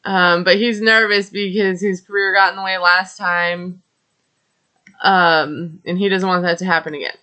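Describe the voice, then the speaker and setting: A woman's voice: lowish voice, steady tone, normal speed, sharp tone, clear, resonant tone. A woman recapping a reality TV episode in a chatty, gossipy way, with many fillers and wry asides. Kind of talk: casual recap commentary.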